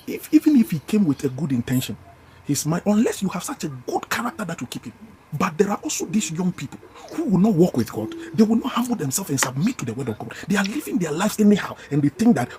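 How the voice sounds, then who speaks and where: A man preaches with a Ghanaian English accent in a rapid, swooping, emphatic delivery, hammering home his points by repeating them. His voice sits fairly high but sounds dark and mellow, and he lectures a live congregation in a church. Faint noise lies under the recording. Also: sing-song. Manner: emphatic, repeats phrases, scolds listeners directly. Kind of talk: fiery sermon.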